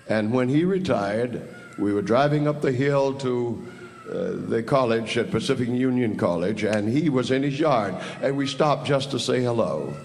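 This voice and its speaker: An older man, a church elder, tells stories to a panel audience with a preacher's emphasis. His voice sits at a middle pitch. The sound is roomy, with a long reverb from a large hall. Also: a little mellow, slight background noise. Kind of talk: panel talk, anecdotal storytelling.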